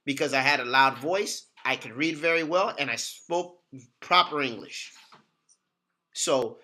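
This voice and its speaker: A man hosting a casual talk in an earnest, emphatic way, leaning on repeated words to make his point. His voice sits a little high and sounds bright and forceful. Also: unhurried. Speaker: host.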